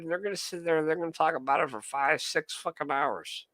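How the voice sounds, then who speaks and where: A man's voice: fairly high pitch, fairly even intonation, a little fast, a bit bright, dry recording. A young man streaming live, ranting heatedly and swearing a lot while answering his chat. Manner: profane, heated, talks to chat. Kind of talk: casual ranting monologue.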